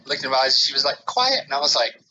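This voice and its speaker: A man co-hosting a podcast, telling a rambling casual story and loudly acting out his own panicked remarks. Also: mid-range voice, monotone, racing, lo-fi sound, slight background noise. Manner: rambling with many restarts and "like". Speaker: podcast co-host.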